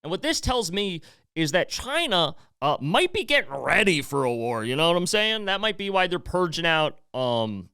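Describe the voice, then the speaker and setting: A man's voice: on the high side, very animated, normal speed, pushed and bright, smooth, no echo, studio quality. An American man hosting a podcast, giving casual, rambling commentary with many asides. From United States. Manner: rambling and conversational, full of "like" and asides. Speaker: podcast host.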